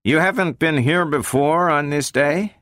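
A man reading the part of a brisk male scientist who questions a robot in a probing, sometimes sharp way. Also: fairly high pitch, no echo, clean studio sound, voice pushed up.

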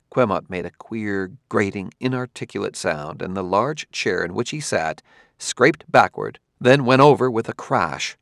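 A man narrating an audiobook in a measured, steady reading style. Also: fairly low pitch, vocal fry, no room sound, studio quality. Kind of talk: scripted narration.

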